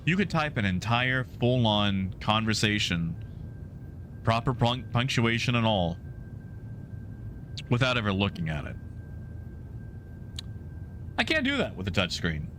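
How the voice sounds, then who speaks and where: A man's voice: on the low side, very animated, measured pace, pauses often, a bit bright, a little hiss or hum. A male game streamer chatting casually with his live viewers in a rambling, easygoing way with many fillers.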